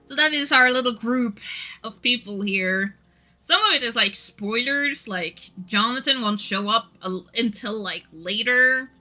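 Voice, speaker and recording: A woman's voice: on the high side, measured pace, bright, forceful tone. A Norwegian-speaking woman streaming casually, rambling and giggling often while chatting to viewers. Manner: giggly, rambling, self-deprecating.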